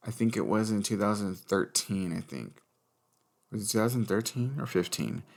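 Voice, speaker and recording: A man's voice: fairly low pitch, vocal fry. A young adult man hosting a podcast, candidly telling a personal story in casual chat, swearing freely and acting out what people said. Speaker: podcast host.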